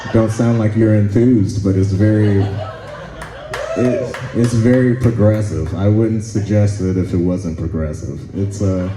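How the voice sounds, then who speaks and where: A man doing a stand-up comedy set in a club, laid-back and halting, often pausing with "uh" and chuckling between lines. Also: on the low side, dark tone, reverberant, poor audio. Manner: laid-back, halting, with frequent "uh" and "let's see".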